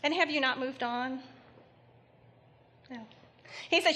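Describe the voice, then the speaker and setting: A woman psychic medium giving a live reading to an audience member in a theater, speaking gently and haltingly with many pauses. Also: sits high. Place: theater stage before an audience.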